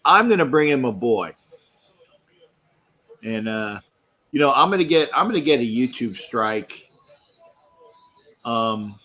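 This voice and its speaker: A middle-aged man with a drawl hosts a casual football livestream. He talks slowly, rambling and cursing, with plenty of restarts. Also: medium pitch, animated, sharp tone, low-quality recording. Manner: rambling, loose and profane, with many restarts. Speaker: livestream host. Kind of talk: casual sports livestream chat.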